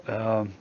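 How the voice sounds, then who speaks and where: Man, Somerset English accent, live stream host, casual banter, dull lo-fi audio. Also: a little hiss or hum. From England. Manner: chatty, reads viewer comments aloud, joking banter.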